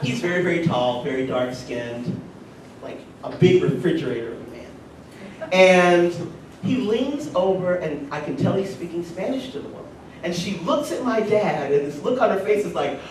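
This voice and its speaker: A man with a fairly high, lively voice tells personal stories at a conference and makes animated asides to the audience. He sounds set back from the microphone in a very echoey hall, with a faint rumble underneath. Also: moderate pace, far from the mic. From rural North Carolina. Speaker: conference speaker. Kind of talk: personal storytelling speech.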